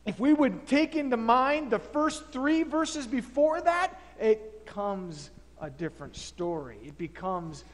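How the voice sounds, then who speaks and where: High-voiced folksy preacher man. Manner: folksy, stammering, thinking aloud. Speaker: pastor. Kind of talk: sermon. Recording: reverberant church hall.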